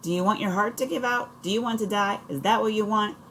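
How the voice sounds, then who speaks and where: A woman's voice: mid-range voice, fast talker, fairly bright tone, slight background noise, voice pushed up, natural voice. A woman voicing an exasperated, short-tempered mother who scolds her children.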